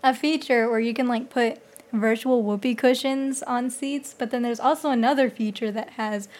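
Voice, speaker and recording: High-voiced young woman telling goofy stories. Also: normal speed. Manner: animated, goofy anecdotes. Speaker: podcast co-host. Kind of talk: casual chat. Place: small room with a slight echo.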